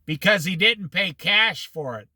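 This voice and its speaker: Animated high-voiced Bible teacher. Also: male voice, a little slow, no room sound. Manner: animated, laughs at his own stories, folksy. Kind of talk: casual Bible teaching with acted anecdotes.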